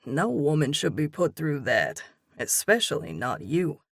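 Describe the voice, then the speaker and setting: A woman voicing a relaxed, gently amused young man in an audiobook. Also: deep voice, a little slow, no echo, studio quality, full character voice. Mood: teasing. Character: easygoing, teasing young man, old friend.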